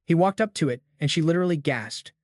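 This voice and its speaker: A man narrates a comic recap with a slightly raised pitch and a slangy, hyped-up delivery. The sound is dry and close, with no room around it. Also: animated, fast, no room sound. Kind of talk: scripted narration.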